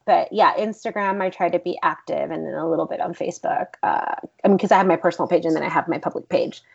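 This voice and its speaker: A woman's voice: fairly low pitch, steady tone, quick pace, vocal fry, darkish tone, husky. A woman guest in a casual interview, talking candidly, swearing freely and laughing often. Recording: dull lo-fi sound.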